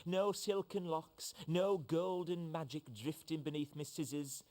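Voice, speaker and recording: An actor voicing a dreamy, lovesick barber in a video game, wistful and sighing. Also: male voice, a little high, steady tone, measured pace, darkish tone, natural voice. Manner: wistful, sighing, swooping delivery.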